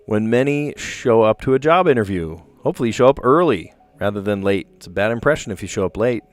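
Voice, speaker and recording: Chatty American man, lowish voice. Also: expressive, quick pace, faint music behind. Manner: rambling, chatty, tags "right?". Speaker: puzzle livestream host. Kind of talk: casual chat while solving puzzles.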